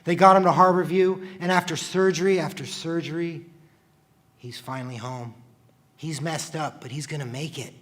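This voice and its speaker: A man, a firefighter, telling a personal story in the present tense, earnest and confessional, often dropping to a hushed voice. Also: medium pitch.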